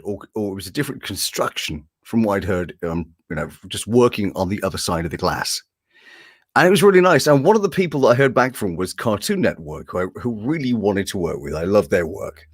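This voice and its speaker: A man's voice: medium pitch, no echo, clean studio sound. A man, a voice-over artist, telling anecdotes in a casual interview and often laughing. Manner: animated, jumps into impressions, laughs often.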